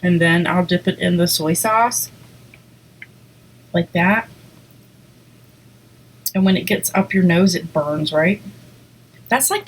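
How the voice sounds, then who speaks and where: A woman's voice: on the low side, slightly rough, poor audio. A woman hosting a casual eating video, chatting to viewers between bites with lots of "like" and "um" and small giggles. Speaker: eating show host. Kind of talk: casual mukbang chat to viewers.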